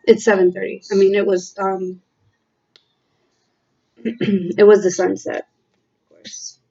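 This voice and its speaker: A woman talks through a tarot reading at an unhurried pace, stopping often to gather her thoughts. Her voice is mellow and soft-edged. The recording sounds a little dull and lo-fi. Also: medium pitch, flat delivery, creaky. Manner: slow, halting, reflective with fillers. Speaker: tarot reader. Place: home room with windows.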